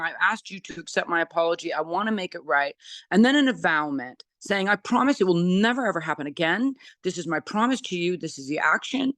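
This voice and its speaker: A woman's voice: fairly low pitch, a bit bright, no echo. A woman in her sixties from San Francisco giving a rambling, earnest personal testimony in a group sharing circle, with many fillers and restarts. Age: 60s.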